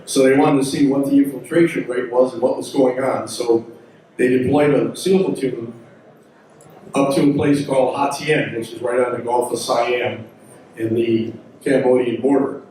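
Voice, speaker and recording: An older man with a mellow, dark voice tells war stories to an audience, folksy and rambling, often stopping to back up. He is heard from well back in a large, strongly echoing hall. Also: medium pitch, fairly even intonation, normal speed, a little hiss or hum. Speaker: symposium speaker, veteran helicopter pilot. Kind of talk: storytelling talk to an audience. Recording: echoey hall recording from far off.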